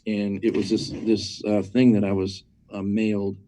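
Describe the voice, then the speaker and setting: With a crowd audible behind him, a man with a lowish voice talks at a normal, level pace as an interview guest. He teaches about churches in an emphatic, conversational manner, repeating words as he builds and asking listeners rhetorical questions.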